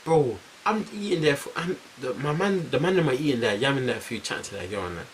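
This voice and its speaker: Animated young London man telling a story. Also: mid-range voice, fast talker, slight background noise, low-quality recording. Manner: animated, repeats phrases, heavy slang. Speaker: vlogger. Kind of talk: casual storytime.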